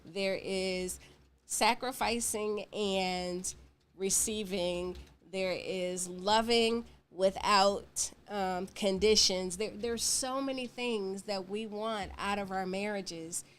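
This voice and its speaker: A woman's voice: mid-range voice, steady tone, takes it slowly. A woman co-hosts a casual marriage talk show, with a mid-range voice. She tells stories animatedly and laughs often. Faint background noise sits under the recording.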